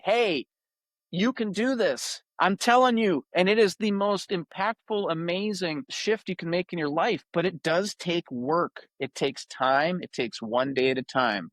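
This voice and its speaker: A man's voice: mid-range voice, fairly bright tone, no echo. A man hosting a podcast, talking with an emphatic, preachy passion. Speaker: podcast host. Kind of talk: passionate interview talk.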